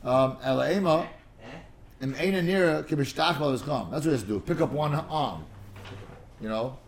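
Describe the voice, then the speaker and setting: Slight background noise sits behind this man's mid-range voice as he teaches a casual class at a moderate pace, drifting off on tangents, stumbling over repeated words, and dropping in Hebrew and Aramaic terms.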